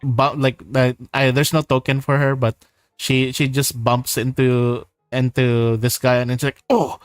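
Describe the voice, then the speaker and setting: A man's voice: mid-range voice, completely flat delivery, a little slow, clear, resonant tone, no echo, soft background music. A man narrating a tabletop game as game master, casual and full of fillers.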